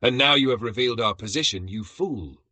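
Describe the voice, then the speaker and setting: Stern male alien commander, gruff and bossy, forceful delivery, as a narrator puts him on. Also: fairly low pitch, lively intonation, moderate pace, heavily acted. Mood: scolding.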